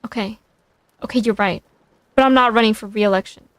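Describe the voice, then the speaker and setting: A woman voicing a guilt-stricken elderly male leader who speaks in halting, shaken lines. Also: mid-range voice, fairly even intonation, no room sound, close to an everyday voice. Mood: resigned.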